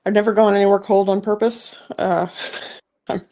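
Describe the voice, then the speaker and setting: A man's voice: high-pitched, little pitch movement, moderate pace, dark tone. A man co-hosting a live talk stage, chatting offhand and laughing often. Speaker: co-host. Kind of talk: casual chat.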